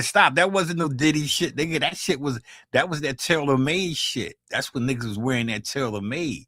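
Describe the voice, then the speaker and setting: A North Philly native in his sixties, who hosts a beatmaking livestream, talks at a normal speed in a medium, fairly bright voice. His casual chat with viewers is salty, joking, and riddled with restarts, delivered in a Philadelphia accent. Clean studio sound, no room sound.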